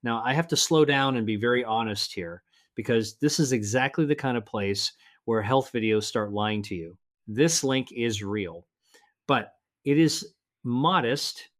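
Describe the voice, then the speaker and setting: An older man narrating a health advice video in an earnest, measured way, slowing down to stress single words. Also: mid-range voice, fairly bright tone. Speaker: health presenter. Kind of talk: scripted narration.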